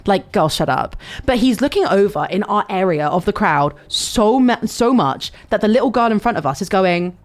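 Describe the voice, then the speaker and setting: Young woman, streamer, chatty storytelling, lively swooping pitch, faint music behind. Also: moderate pace, few pauses. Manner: animated, swearing, with sudden high squeals.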